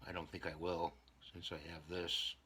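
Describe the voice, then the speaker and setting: Gluing models on his casual repair channel, a man rambles along and mutters to himself. He speaks low at a moderate pace in a level tone, his voice pushed and bright, with a little hiss or hum on the recording.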